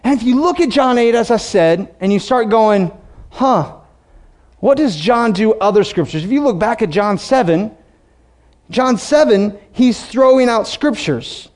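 A pastor preaching a sermon, animated, slowing down to read scripture and acting out quotes. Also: male voice, high voice. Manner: animated preaching, reads scripture slowly, acts out voices.

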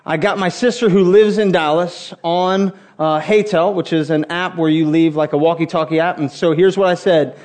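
Before his church congregation, a pastor speaks at a moderate pace with few pauses, his fairly high voice steady in tone and a little mellow. His sermon is conversational, built on amusing stories from his own life.

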